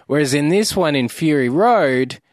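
An Australian man talking over a film in an easygoing, wandering way. His pitch rises and falls freely, and he often stops mid-sentence to search for words. The sound is dry and close. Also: animated, moderate pace, no room sound. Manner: rambling, gropes for words mid-thought. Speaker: podcast co-host. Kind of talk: casual film discussion.

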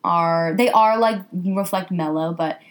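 A young woman guest on a casual podcast, talking in an animated, giggly way. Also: lowish voice, unhurried. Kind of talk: casual chat.

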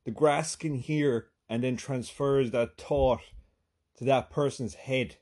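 This podcast host is an Irish man with a mid-range, slightly mellow voice who takes his time, keeping a steady tone. He spins a profane, funny story conversationally, with frequent "right?" asides and abrupt bursts of emphasis.

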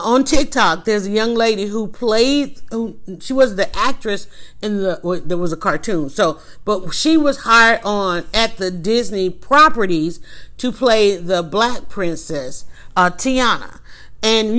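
Animated woman hosting a motivational podcast. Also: medium pitch. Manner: animated, rambling, with frequent restarts and asides; speaks directly to listeners, coaching them. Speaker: podcast host.

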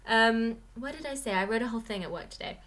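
Animated woman with a higher voice. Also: fast. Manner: animated, rambling, jumps into voices of characters. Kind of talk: casual chat about a comic book.

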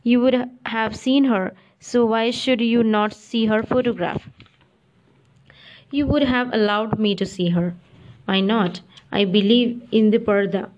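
An earnest, emotional Indian doctor, voiced by a woman reading aloud pours out his feelings in a heartfelt, pleading tone. The voice sits fairly high and bright. This is an audiobook performance. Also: fairly even intonation, measured pace, lo-fi sound, natural voice.

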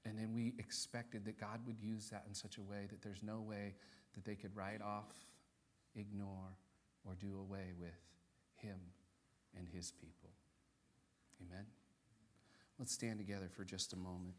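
A man preaching as pastor in a church service, rising to loud, animated peaks and dropping soft for solemn points. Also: lowish voice, measured pace, long pauses. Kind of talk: sermon. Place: church sanctuary during a service.

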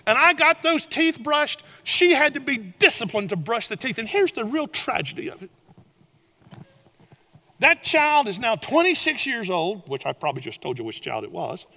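An older man preaching a sermon, telling animated stories and swinging between loud and hushed delivery. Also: very high voice, moderate pace. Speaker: pastor.

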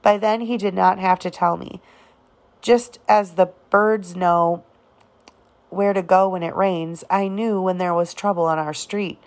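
A woman narrating an audiobook of a novel, reading in a halting way with occasional restarts on words. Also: lowish voice, fairly even intonation. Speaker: audiobook reader.

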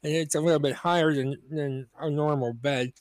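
Relaxed man on a dry mic. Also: a little high, fairly quick, dry recording. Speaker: podcast co-host. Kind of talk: casual chat.

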